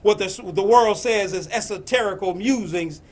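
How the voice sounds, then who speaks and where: A man giving a spiritual message, slow and emphatic, repeating his phrases. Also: sits high, darkish tone. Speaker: spiritual teacher.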